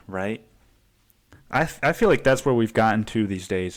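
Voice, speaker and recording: A man's voice: on the low side, lively intonation, normal speed. A man hosting a podcast, ranting emphatically and casually, with some swearing. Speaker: podcast host. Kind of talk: casual opinion monologue.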